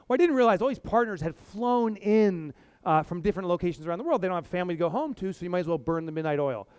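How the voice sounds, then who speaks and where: A middle-aged man gives an energetic talk from a stage, with a high voice that swoops all over as he tells a comic story. He slips into acted-out voices for laughs, and the sound is close and dry. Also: fast talker, clean tone, no echo. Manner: animated, acts out voices for comic effect. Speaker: keynote speaker. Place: stage before a live audience.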